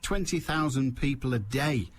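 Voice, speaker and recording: A man hosting a phone-in radio show, talking bluntly and forcefully. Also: medium pitch, expressive, normal speed, a little hiss or hum. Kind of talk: opinionated radio talk.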